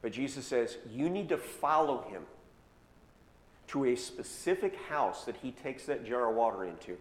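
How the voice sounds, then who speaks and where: A man's voice: mid-range voice, lively intonation. Man preaching in an echoey hall. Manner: retells scripture in casual modern words, slowing for emphasis. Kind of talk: sermon storytelling. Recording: echoey hall with long reverb, faint noise.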